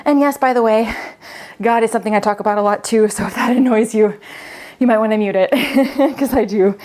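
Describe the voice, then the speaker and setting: A woman's voice: a little high, a little fast, a little mellow. A young woman fitness coach, out of breath as she leads a home workout, chatting, counting reps and laughing often. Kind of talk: talking while leading a home workout.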